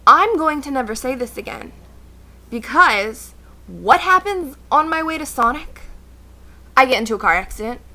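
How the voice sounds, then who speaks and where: A young woman with a bright, high-leaning voice tells a story to her camera in a casual storytime rant. She is sarcastic and exasperated and talks with plenty of animation. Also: lively intonation, normal speed. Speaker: vlogger.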